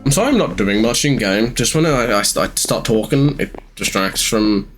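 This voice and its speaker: An eighteen-year-old Australian man rambling through casual gameplay commentary with halting ums, sounding sleepy. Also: on the low side, animated, over music. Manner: rambling, halting, many ums, sometimes swears. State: sleepy, yawning. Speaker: gamer streamer.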